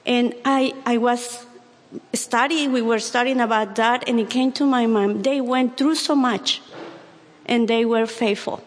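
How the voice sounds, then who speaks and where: Woman, testimony speaker, slow and earnest, faltering restarts, long hall reverb. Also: fairly high pitch, fairly even intonation, slight background noise. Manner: earnest, halting, with many pauses and restarts. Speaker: church member giving testimony. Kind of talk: personal testimony.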